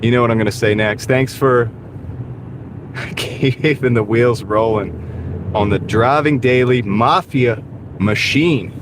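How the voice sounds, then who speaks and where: Man host, casual in-car live stream, tired worn voice, steady mid pitch, clear road noise behind. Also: slow, pauses often. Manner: upbeat, thanks viewers by name. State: voice tired and wearing out. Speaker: livestream host. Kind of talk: casual live-stream chat while driving. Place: in a moving car. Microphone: wireless mini clip-on mic.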